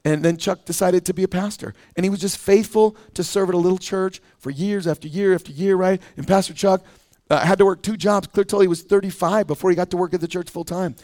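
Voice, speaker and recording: A middle-aged man preaching a sermon as pastor, in an animated, conversational way, often acting out quoted voices. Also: sits high, fast. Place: church.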